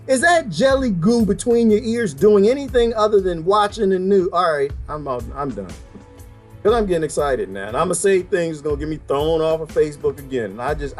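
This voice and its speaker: Brief: high-pitched man, fiery self-made vlogger rant, faint music underneath. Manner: heated, preachy, fires rhetorical questions. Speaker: video blogger. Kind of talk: ranting monologue to viewers.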